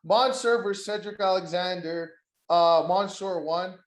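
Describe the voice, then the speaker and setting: A man chats loosely on a podcast, his voice sitting a bit high. He rambles, swears and mocks people in quick impressions, and the room gives his voice a noticeable echo. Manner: crude, rambling, mocking impressions of wrestlers. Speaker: podcast host. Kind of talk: casual wrestling podcast chat.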